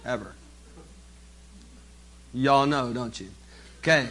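A man giving a live business seminar, lively and jokey, speaking straight to the audience. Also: medium pitch, takes it slowly, a little hiss or hum.

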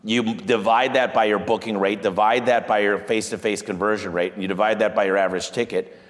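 A man's voice: fast talker, long reverb tail. A man, a business owner, talking energetically about marketing and sales, telling stories and acting out what customers say. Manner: energetic storyteller, acts out quoted clients in a higher voice. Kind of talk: animated business talk.

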